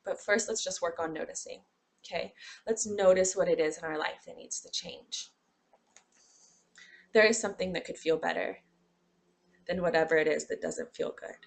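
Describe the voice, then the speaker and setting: Woman lecturer, gravelly fry, expressive and demonstrative delivery. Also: on the low side, moderate pace, long pauses. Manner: expressive, acts out examples, sighs and groans. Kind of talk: classroom lecture.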